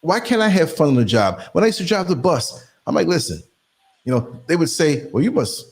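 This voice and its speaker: A middle-aged man from New York City hosting a podcast, telling stories in a casual, animated way and acting out the people he quotes. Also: a little high, fairly quick. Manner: animated storyteller, acts out quoted voices. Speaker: podcast host. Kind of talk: casual conversation.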